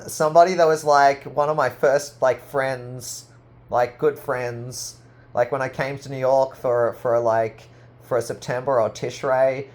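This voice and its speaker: A man in a rambling personal monologue to camera, full of "like" fillers, swinging from loud boasting to low murmuring. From Australia. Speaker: artist vlogger.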